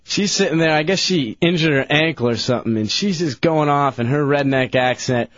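Young dude, show regular, telling a long story, animated, dry slightly muffled radio sound. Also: male voice, on the high side, a little fast, no echo. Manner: rambling, animated, doing voices. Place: radio studio.

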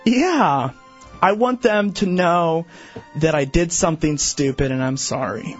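A man with a slightly high, husky voice, bantering on a talk radio show in a sheepish, mumbling way. The sound is dull and lo-fi, like an old radio recording, with faint music underneath. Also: expressive, unhurried. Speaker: intern.

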